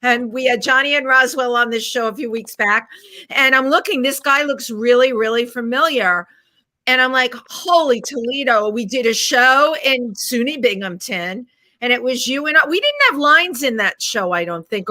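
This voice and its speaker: A middle-aged woman co-hosting a casual talk show. Her high, bright voice gushes with excitement, and she laughs easily between questions. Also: normal speed. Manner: gushing, laughs a lot. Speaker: co-host. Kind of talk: casual interview chat.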